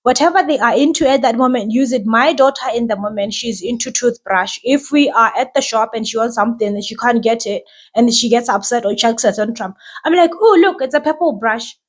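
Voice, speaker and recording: A woman's voice: a little high, fairly quick. A woman who hosts a podcast and talks as a mother, giving casual, reassuring advice and often asking "right?".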